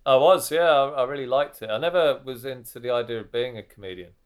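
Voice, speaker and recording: A man, a comedian chatting as a podcast guest, self-deprecating and quick to laugh. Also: mid-range voice, clean tone. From Birmingham, England. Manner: self-deprecating, laughs easily, trails off quietly. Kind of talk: casual podcast chat.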